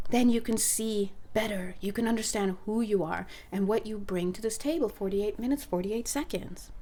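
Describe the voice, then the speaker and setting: Woman with a kinda high voice doing a casual spiritual chat, lots of laughing, acts out convos. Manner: animated, laughs often, acts out conversations. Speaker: intuitive counselor.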